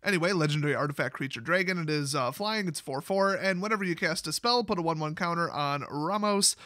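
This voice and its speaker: A man's voice: a little high, fast talker, pushed and bright, no room sound, clean studio sound. A man giving casual, sarcastic commentary while reviewing trading card spoilers. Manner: sarcastic, joking asides.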